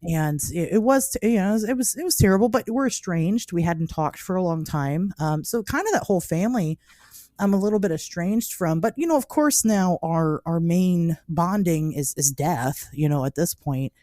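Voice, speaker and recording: A woman in her thirties hosting a podcast, telling stories in a casual, animated way with frequent laughs and many "like" fillers. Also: on the low side, normal speed, no echo, studio quality. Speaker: podcast host. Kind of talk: casual storytelling chat.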